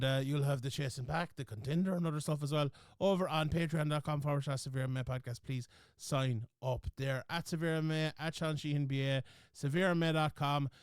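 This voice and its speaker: A man's voice: a little high, smooth, dry recording, studio quality. A man hosting a podcast, talking bluntly and swearing casually as he wraps up with plugs. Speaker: podcast host.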